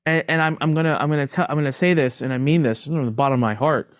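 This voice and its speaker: A middle-aged man, a podcast guest, telling his story candidly in an emphatic, animated way and repeating phrases for emphasis. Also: on the high side, fast talker, dry recording, studio quality.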